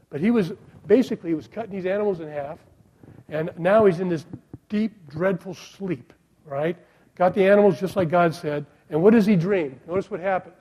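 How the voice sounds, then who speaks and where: A middle-aged pastor with a high, husky voice preaches a sermon, posing rhetorical questions to the congregation and dropping from loud emphasis to a hush. The audio quality is poor.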